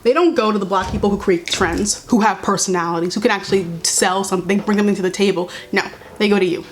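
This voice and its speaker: Young woman ranting on her vlog, sarcastic and fed up, medium pitched voice. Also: steady tone, quick pace, a little hiss or hum. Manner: blunt, exasperated, sarcastic. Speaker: vlogger. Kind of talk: casual commentary vlog while doing makeup.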